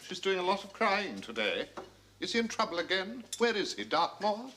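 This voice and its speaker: A rambling, eccentric older man and former prisoner. His voice is high and swings widely in pitch. He sounds far from the mic, with clear hiss over the old soundtrack. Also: big pitch swings, moderate pace, sharp tone, heavily acted. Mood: chatty. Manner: chatty and rambling.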